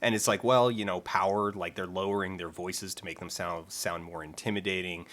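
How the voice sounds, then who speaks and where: A man's voice: steady tone, brisk, fairly bright tone. A young man hosting a game stream, chatting casually about voices with frequent restarts. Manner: demonstrates vocal fry and pitch, many restarts. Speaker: host.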